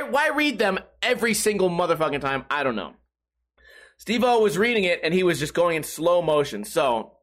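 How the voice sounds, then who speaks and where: A man's voice: high voice, a bit bright. A young man hosting a comedic podcast, ranting in an exasperated, profane way with mocking voices. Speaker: podcast host.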